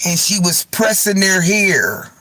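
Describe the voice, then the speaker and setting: Animated high-voiced man telling stories. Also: slow, no room sound, poor audio. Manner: animated gossipy storytelling, frequent laughter; cursing freely, addresses chat directly. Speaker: livestream host. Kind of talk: casual livestream chat.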